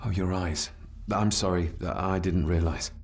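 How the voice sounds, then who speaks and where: An actor playing a polite, formal young gentleman in a game. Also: low voice, steady tone, measured pace, soft background music.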